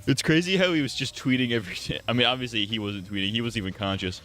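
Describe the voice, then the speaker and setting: A man's voice: medium pitch, quick pace, a bit bright, faint music behind. Crude, joking male game streamer. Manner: joking, crude, laughs often. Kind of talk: casual gameplay commentary.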